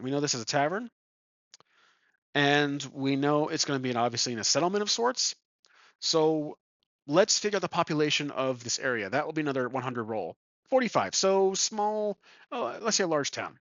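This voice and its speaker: A man's voice: mid-range voice, fairly bright tone, dry recording, dull audio. A man thinking aloud as he plays a solo tabletop game, chuckling and correcting himself as he goes. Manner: rambling, chuckling, self-correcting. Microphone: desk microphone.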